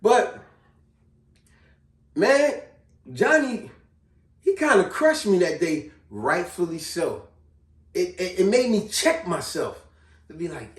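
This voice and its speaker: A man vlogging, telling a personal story in a casual, slangy, animated way. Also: high voice, slow pace, pauses often. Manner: animated, slangy, repeats himself. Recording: echoey room, distant mic.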